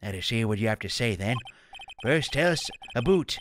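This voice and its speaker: A man doing a gruff old judge. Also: mid-range voice, lively intonation, normal speed, a bit bright, slight background noise, lightly acted. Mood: formal. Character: elderly male courtroom judge, mild and hesitant. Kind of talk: reading game dialogue aloud.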